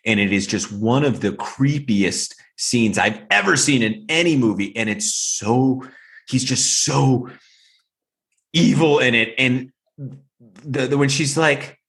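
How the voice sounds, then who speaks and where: A man's voice: medium pitch, unhurried, a bit bright. A man co-hosting a podcast, chatting casually about films and acting out movie lines in shifting voices. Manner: rambling with frequent fillers. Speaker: podcast co-host. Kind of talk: casual film discussion.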